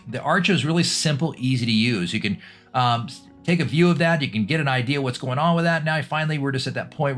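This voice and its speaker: A man's voice: medium pitch, a bit bright. A middle-aged man, a scuba instructor, chatting through a dive review with lots of ums and restarts. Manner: casual, chatty, with many fillers and restarts.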